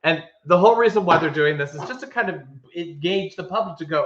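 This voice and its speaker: Bright, emphatic man in an echoey room. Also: a little high, fast. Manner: animated, emphatic storyteller with frequent restarts. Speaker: podcast co-host. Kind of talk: casual chat. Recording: echoey room, dull lo-fi sound.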